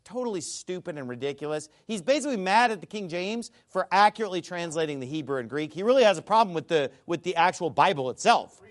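High, animated, emphatic male commentator. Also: fast, few pauses. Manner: emphatic, scornful, repeats words, bursts into shouting. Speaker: Bible commentator. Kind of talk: animated video monologue.

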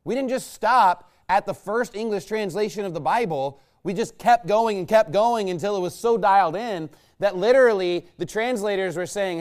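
A man's voice: high-pitched, normal speed, hardly any pauses. A man preaching a conversational sermon in a folksy, rambling way, checking in with the congregation with rhetorical questions. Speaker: pastor.

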